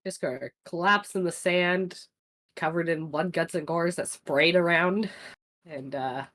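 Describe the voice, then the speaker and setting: A woman's voice: on the low side, a little slow, a bit bright. A woman playing in a tabletop game, chatty and joking. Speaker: player. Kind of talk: casual chat.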